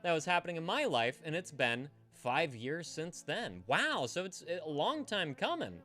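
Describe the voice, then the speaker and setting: A man's voice: fairly high pitch, sing-song, moderate pace, pushed and bright, faint music behind. A man hosting a casual live-stream call-in show, rambling and profane, stammering and restarting as he chats with viewers.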